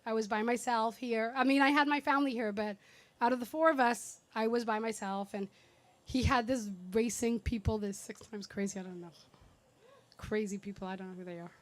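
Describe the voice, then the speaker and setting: A woman's voice: on the high side, fairly even intonation, a little fast. A woman in her thirties giving a chatty, rambling, affectionate birthday speech for her brother at a party. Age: 30s. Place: party venue.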